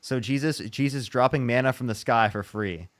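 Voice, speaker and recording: A man hosting a live debate stream, firing quick pointed follow-up questions at a caller. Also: medium pitch, no echo. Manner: rapid, pressing follow-up questions. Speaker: debate livestream host.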